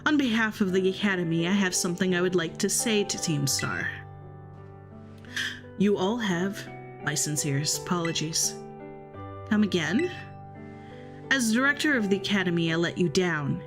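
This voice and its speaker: Woman doing a low, formal school director. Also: lively intonation, over music, lightly acted. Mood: solemn. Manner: measured, courteous, apologetic formality. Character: formal middle-aged male academy director.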